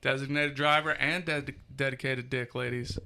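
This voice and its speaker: A man's voice: mid-range voice, fairly even intonation, normal speed, gravelly, sharp tone. A man hosting a casual comedy podcast, joking loosely and laughing often as he reads out entries. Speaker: podcast host.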